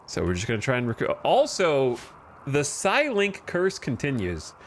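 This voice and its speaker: A man's voice: mid-range voice, huge pitch swings, moderate pace, a little hiss or hum. A man streaming a game, giving casual commentary in a wry, rambling, self-deprecating way.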